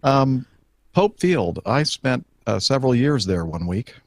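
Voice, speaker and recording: A man's voice: medium pitch, very animated, unhurried, dry recording. A man co-hosting a podcast, reading news stories aloud with dry joking asides. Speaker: podcast co-host.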